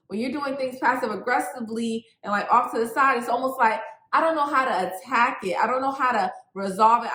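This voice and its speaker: A woman co-hosting a casual recap chat about a reality show, emphatic and animated, often saying "like". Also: a little high. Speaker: co-host. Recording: echoey room.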